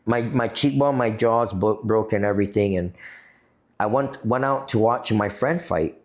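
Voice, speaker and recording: A man's voice: fairly low pitch, normal speed. A man from Guam, a podcast guest, telling a long profane story in a rambling, casual way. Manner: profane, rambling, repeats "you know what I mean".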